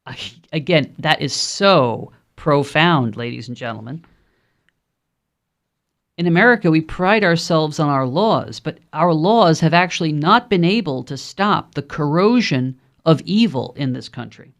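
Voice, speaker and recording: A man's voice: fairly high pitch, animated, unhurried, a bit bright. A man with a Brooklyn accent hosting a call-in radio talk show, speaking in a conversational, rambling way with frequent ums and uhs. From Brooklyn, New York.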